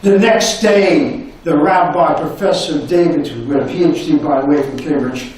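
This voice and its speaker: A man's voice: on the high side, normal speed. Older male professor, echoey distant room. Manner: animated, repeats phrases, acts out quotes. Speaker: professor giving a lecture. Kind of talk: anecdotal lecture storytelling. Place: university lecture room. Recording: echoey room recorded from afar.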